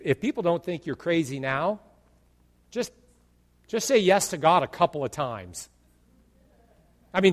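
A male pastor preaching a sermon in an animated way, acting out imagined dialogue and jokes. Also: fairly high pitch, long reverb tail.

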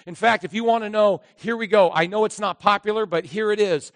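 A man preaching a sermon as a pastor, animated and acting out the characters in his story. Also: high voice, a little fast, dry recording, long reverb tail. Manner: animated, acts out voices of characters.

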